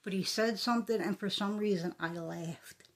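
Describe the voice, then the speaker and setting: A middle-aged woman recounts a memory from her own life. She talks casually and plainly, using "like" often and repeating words for emphasis. Her pitch sits in an ordinary middle range for a woman. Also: normal speed. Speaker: storyteller. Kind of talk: casual personal storytelling.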